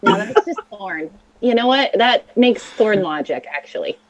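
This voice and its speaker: Slow, lively woman player with a dull sound. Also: medium pitch. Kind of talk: playing a character at the table.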